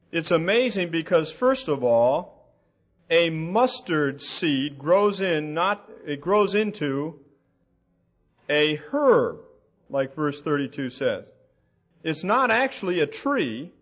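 A preacher teaches a sermon from the Bible slowly and deliberately, his voice on the high side. As he reads passages aloud, he poses questions to the audience.

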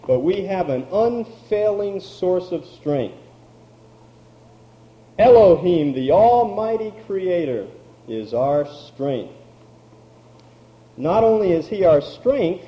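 A man preaching a sermon, slow and emphatic, drawing out key words. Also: high-pitched, highs cut off. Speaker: pastor.

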